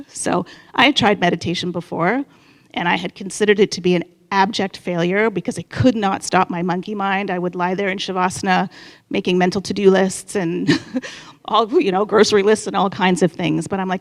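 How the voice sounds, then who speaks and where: A woman's voice: medium pitch, steady tone, normal speed. A woman in her fifties telling a candid personal story on stage at a live event, chatty and acting out her own inner voice. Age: 50s.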